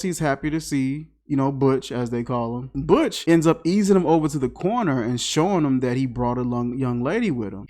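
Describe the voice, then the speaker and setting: A man's voice: fairly high pitch, a little mellow. Incredulous man riffing on a film. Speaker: film reviewer. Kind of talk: casual comedic movie review.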